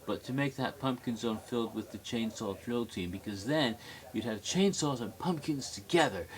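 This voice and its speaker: A tipsy man talks into his webcam in a loose, rambling monologue. He is giggly and keeps wandering off topic. His voice sits at an ordinary middle pitch. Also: animated, moderate pace. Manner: rambling, giggly, easily sidetracked. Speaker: vlogger. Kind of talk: rambling casual monologue to camera.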